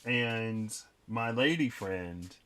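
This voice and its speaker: Low-voiced man musing over tarot cards. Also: lively intonation, extremely slow, sharp tone. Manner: rambling, reflective, lots of fillers. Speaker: tarot reader. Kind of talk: casual tarot reading vlog.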